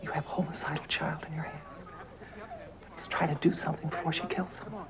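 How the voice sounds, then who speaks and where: An actress playing a firm, relentless therapist who pushes insistently and then softens to hushed reassurance. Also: female voice, sits low, fairly even intonation, quick pace, whispered, rough recording. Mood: calm, firm. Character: firm, relentless female therapist, middle-aged. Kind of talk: film drama acting.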